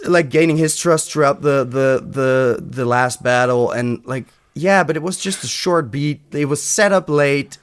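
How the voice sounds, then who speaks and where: A man's voice: mid-range voice, measured pace, few pauses, clean tone. A man from Europe co-hosting a podcast, giving a frank, sardonic film review in casual chat, swearing freely. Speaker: podcast co-host.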